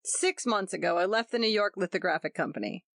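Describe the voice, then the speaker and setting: A woman's voice: mid-range voice, brisk, fairly bright tone, no room sound, studio quality, natural voice. A woman voicing a tense, impatient young husband in a storybook reading, speaking in a clipped, cross way. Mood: earnest.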